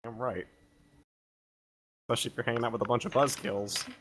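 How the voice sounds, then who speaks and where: A man's voice: medium pitch, steady tone, a little fast, a bit bright. A man playing a tabletop game, joking crudely with the group. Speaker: player. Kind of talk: casual tabletop game chat.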